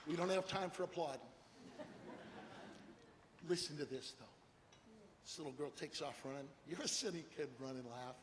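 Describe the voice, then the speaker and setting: An older man giving a humorous motivational keynote speech, animated storytelling and rhyming slogans. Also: on the high side, moderate pace, long pauses. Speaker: keynote speaker. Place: large hall with an audience. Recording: echoey hall, faint noise.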